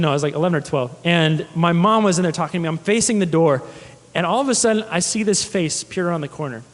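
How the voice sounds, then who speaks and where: This pastor's voice sits high as he delivers a sermon in a large hall. He tells stories and asks the congregation questions.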